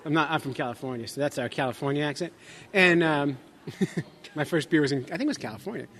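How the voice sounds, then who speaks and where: A man's voice: on the high side, fast, fairly bright tone, slight background noise. A man co-hosting a casual road trip podcast, teasing and telling funny stories from inside a moving car. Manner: joking, storytelling, teasing. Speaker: podcast co-host.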